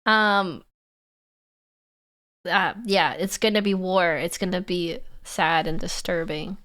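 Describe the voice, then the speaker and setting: A woman's voice: fairly low pitch, steady tone, slow pace, a bit bright. A woman streamer chatting casually and giggling as she sets up a reaction video. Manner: giggly, self-teasing, chatty.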